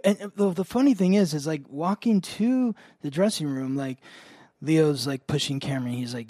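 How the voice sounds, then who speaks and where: A man with a slightly high voice chats casually, rambling through a story with constant fillers and easy laughs. The recording is dry and close, with no room sound. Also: moderate pace, dark tone, no room sound. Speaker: astrology podcast host.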